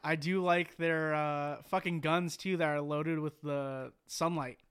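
A man's voice: fairly high pitch, fairly even intonation, unhurried, fairly bright tone, clear, resonant tone. A man in casual chat about a movie, talking in a laid-back, profane way.

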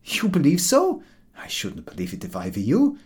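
A man's voice: mid-range voice, huge pitch swings, moderate pace, a little mellow, pitched above the performer's own voice. A man voicing a proud, quarrelsome German cart dog in an audiobook, talking in a cocky, scolding way. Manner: cocky, scolding, self-satisfied. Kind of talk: audiobook character voice.

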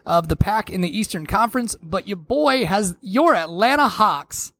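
A man's voice: high voice, animated, normal speed, a bit bright, no room sound. A man co-hosting a podcast, chatting casually and animatedly about basketball predictions, laughing easily and swearing now and then. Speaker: podcast co-host. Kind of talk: casual sports chat.

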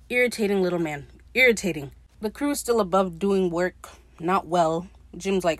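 A woman's voice: mid-range voice, moderate pace, fairly bright tone, no room sound. A woman recapping a TV episode in a casual, profane, gushing way, acting out the characters' lines in her own voice. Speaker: podcast host.

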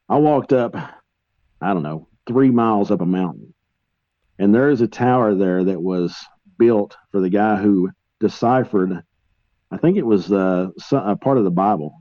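A man telling travel stories as a guest paranormal investigator, rambling and animated, with many fillers. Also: fairly low pitch, no echo, muffled recording. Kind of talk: casual storytelling in a podcast interview.

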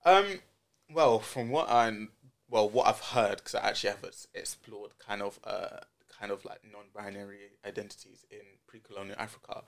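A man's voice: lowish voice, moderate pace, creaky. A man chatting on a podcast panel, answering tentatively and hedging his words. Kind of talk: casual podcast chat.

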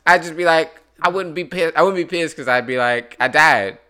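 A young man chatting casually with a friend, relaxed, often laughing and swearing. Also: on the high side, a little fast, smooth. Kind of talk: casual chat.

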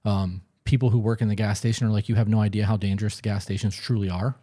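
A man co-hosting a casual podcast in a lowish, warm, mellow voice. He talks bluntly and emphatically and swears often. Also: flat delivery, fast talker, slightly rough. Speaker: podcast co-host.

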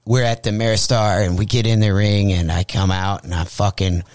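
A young man spins a story in a loud, swear-heavy rush and keeps slipping into the voices of the people in it. His voice sits a little low. The sound is dry and close, with almost no room echo. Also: moderate pace, smooth. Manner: profane, animated storyteller acting out quotes. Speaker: comedian guest. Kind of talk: casual storytelling chat. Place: radio studio.

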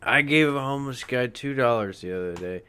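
Sarcastic, bright-voiced male co-host. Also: mid-range voice, expressive, a little fast, clean tone. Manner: sarcastic, teasing. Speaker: podcast co-host. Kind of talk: casual banter.

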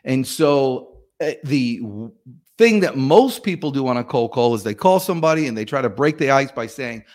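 A man's voice: medium pitch, moderate pace. A man, a sales coach talking animatedly and acting out phone calls in a guest interview. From Southern United States. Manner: lively, acts out phone calls in different voices.

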